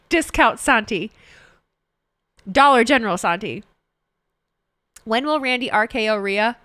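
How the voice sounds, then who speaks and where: A woman's voice: fairly high pitch, animated, slow pace, long pauses, pushed and bright, no echo. A young woman streaming from home, chatting casually with her viewers, reading their messages aloud, laughing often and swearing freely. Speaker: livestreamer reacting to wrestling. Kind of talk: casual live-stream chat.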